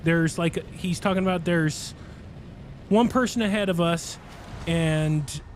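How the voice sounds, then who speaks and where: A man's voice: sits high, unhurried, slight background noise. A man streaming a game, chatting casually and telling a long rambling story with frequent laughs. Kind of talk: casual chat while livestreaming a game.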